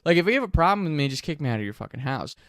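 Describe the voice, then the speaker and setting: A man casually telling a story, animated and profane, often laughing as he talks. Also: on the high side, racing, no room sound, studio quality.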